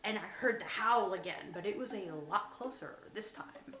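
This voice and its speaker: A woman's voice: medium pitch, moderate pace, pushed and bright. A woman hosting her own channel, telling a spooky story in a casual way, laughing often and dropping to a whisper at the tense parts. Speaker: host. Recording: echoey room.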